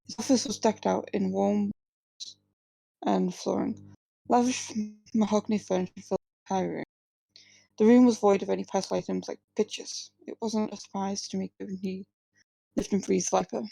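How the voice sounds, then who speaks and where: A woman's voice: mid-range voice, steady tone, normal speed, vocal fry, dark tone, dry recording, rough recording. A woman reading her own first-person fiction aloud at a live reading, with small slips and restarts. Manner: plain reading with slips and restarts, few distinct character voices.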